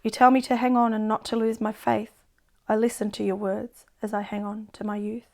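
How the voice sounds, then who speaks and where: Woman poet, own book, reads low-key with little pitch movement; subdued, measured. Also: little pitch movement, creaky, a little mellow. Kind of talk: poetry reading.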